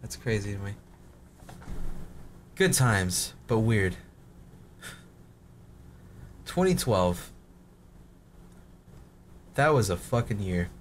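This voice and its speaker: A man's voice: on the low side, expressive, extremely slow, pauses often, slight background noise. A man in his late twenties with a cracking voice, a gaming creator rambling and swearing through casual commentary on his old videos. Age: late 20s. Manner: rambling, swears a lot, self-mocking.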